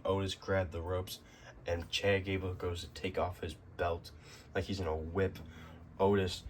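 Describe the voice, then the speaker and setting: A man's voice: low voice, little pitch movement, moderate pace, slight background noise. A man giving a casual, rambling spoken recap with lots of fillers and restarts. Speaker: wrestling recap host.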